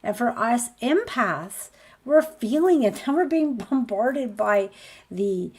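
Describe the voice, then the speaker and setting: A woman's voice: medium pitch, darkish tone. A woman, a spiritual healer, giving an earnest motivational talk, stacking rhetorical questions as she promotes her course.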